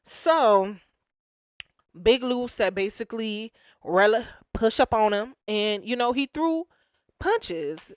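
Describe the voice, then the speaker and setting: A woman hosting a casual reality TV recap, talking in an animated, slangy way and acting out what people said. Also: fairly high pitch, slow pace, clear, resonant tone, dry recording, clean studio sound. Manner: animated, slangy, acts out quotes.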